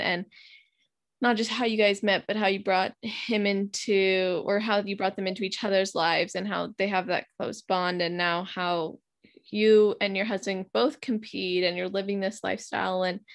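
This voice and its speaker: A woman's voice: medium pitch, fairly bright tone. A woman hosting an interview, encouraging and upbeat as she responds to her guest. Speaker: podcast host. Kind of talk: casual interview talk.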